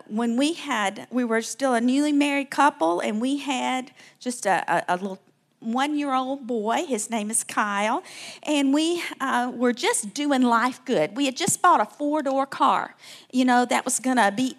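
Southern alabama lady in her fifties, slightly high voice, chatty church talk, lots of restarts. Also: measured pace. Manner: warm, chatty, with frequent restarts. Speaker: guest speaker. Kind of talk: church talk with personal stories.

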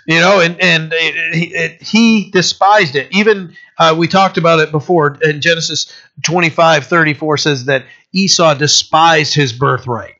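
A man's voice: a little high, steady tone, normal speed, pushed and bright, highs cut off. A man teaching a Bible study in a casual, conversational way, with many restarts and fillers.

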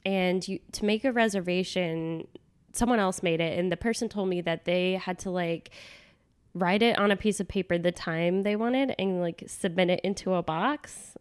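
A woman's voice: lowish voice, normal speed, clear, resonant tone. A young woman co-hosting a podcast in casual chat, with a nasal voice from a cold, talking chattily with lots of fillers. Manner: chatty, animated, frequent laughs and "like" fillers. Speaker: podcast co-host.

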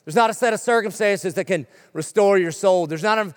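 A middle-aged male pastor preaching a sermon in a church, joking and punchy, firing off quick lists. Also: high-pitched, big-room sound. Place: church sanctuary.

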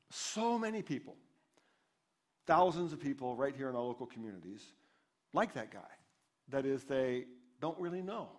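Man, pastor, relaxed storytelling sermon, fairly high voice. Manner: conversational, storytelling. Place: church service.

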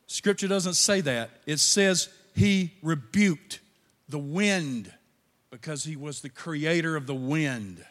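A man preaching a sermon as pastor, animated, with quiet asides. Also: fairly high pitch, unhurried. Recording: long reverb of a large hall.

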